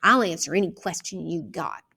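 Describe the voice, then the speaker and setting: A woman reading aloud, voicing a rough-spoken young woman witness who gives defiant, stumbling answers. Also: lowish voice, normal speed, pushed and bright, exaggerated voice. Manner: defiant, stumbling answers, plain country grammar.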